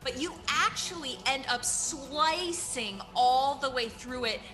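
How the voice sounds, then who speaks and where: A woman's voice: high-pitched, slow, bright, forceful tone. A woman narrating as game master of a tabletop game, playful and vivid in her descriptions.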